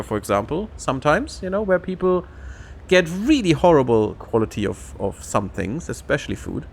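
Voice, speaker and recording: Lively, chatty male game streamer. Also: on the high side, normal speed, gravelly. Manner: chatty, laughs often, reads game text aloud. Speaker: gaming streamer. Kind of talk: casual let's-play commentary.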